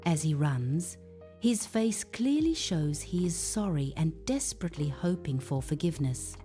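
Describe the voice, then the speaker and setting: A woman's voice: low-pitched, normal speed. A woman narrating a children's Bible story, reading aloud expressively. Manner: expressive, animated read-aloud. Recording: faint background music.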